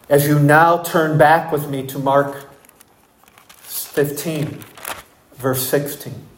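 A preacher delivers an expository sermon in a medium-pitched voice, speaking slowly and with emphasis. He puts rhetorical questions to the congregation, and the room sounds echoey.

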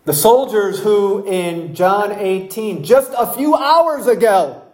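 A preacher giving an expository sermon, speaking slowly and emphatically and asking the congregation rhetorical questions. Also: medium pitch, lively intonation, darkish tone. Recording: echoey room.

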